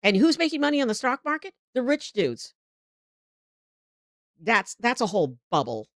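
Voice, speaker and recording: A woman's voice: fairly high pitch, wildly swooping pitch, normal speed, a bit bright, dry recording, studio quality. A middle-aged woman hosting a live political show, talking in a heated, rambling way with frequent restarts.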